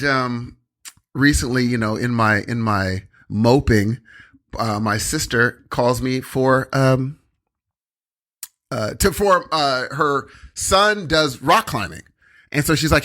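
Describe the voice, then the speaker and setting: A young man co-hosting a podcast in casual chat. He tells stories in a rambling way, full of fillers, and his pitch swings widely as he slips into quoted voices. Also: animated, unhurried, pushed and bright. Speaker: podcast co-host.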